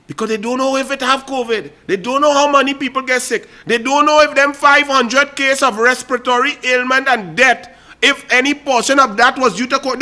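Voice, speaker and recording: A Trinidadian man with a high, bright voice that cuts through with force. He hosts a political talk show and rants in a sarcastic, mocking tone, speaking straight to his listeners. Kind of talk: opinionated political commentary monologue.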